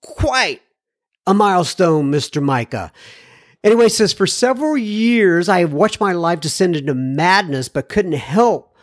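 A man hosting a podcast, reading listener emails aloud in a casual monologue with joking asides and lively jumps in pitch. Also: moderate pace, no echo, clean studio sound. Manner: chatty, joking asides, animated swings in pitch.

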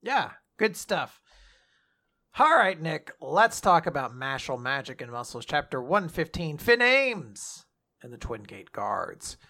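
A man hosts a casual podcast, recapping a manga chapter with plenty of swearing and jokes. His voice sits a little high and swoops around animatedly, with a gravelly fry underneath. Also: slow pace. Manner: profane, animated, joking. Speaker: podcast host.

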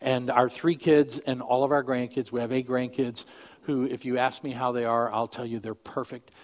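An older man, a pastor, preaching a sermon in an earnest, emphatic way that drops to quiet asides. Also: medium pitch, flat delivery, normal speed.

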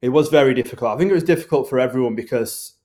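Northern English man, film director guest, earnest and rambling, mid-pitched everyday voice. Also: racing, darkish tone. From Northern England. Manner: earnest, rambling, filler-heavy. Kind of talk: casual interview talk.

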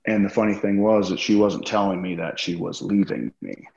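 A man's voice: low-pitched, animated, moderate pace, vocal fry, darkish tone. A man as a podcast guest, telling a long story in a casual, profane and rambling way with many fillers. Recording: roomy, slightly dull sound.

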